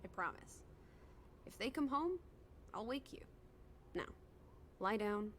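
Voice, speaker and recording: A woman's voice: medium pitch, animated, a little hiss or hum. An actress playing a bossy, teasing young woman companion in a video game. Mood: caring commanding. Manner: brisk and commanding.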